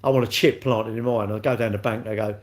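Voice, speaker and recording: A man's voice: on the low side, fairly even intonation, fast talker. A man, hosting a casual livestream, rambling and joking at himself as he answers viewers' comments and laughs often. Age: 60s. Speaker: livestream host.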